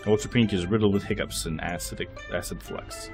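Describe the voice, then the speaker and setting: A young man streaming a game, reading its text aloud with lively commentary and frequent laughs. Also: deep voice, a little fast, hardly any pauses, soft background music. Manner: lively, laughs often, reads narration aloud.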